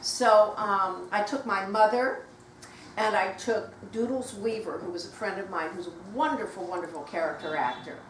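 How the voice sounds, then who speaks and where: An older woman tells stories to a bookshop audience, animated and quick to slip into other people's voices. She is picked up from a distance in a roomy space with a faint hiss underneath. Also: medium pitch. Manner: animated, acts out quoted voices, laughs while telling. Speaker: guest author at a book talk. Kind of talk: anecdotal storytelling to a live audience. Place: bookshop event room.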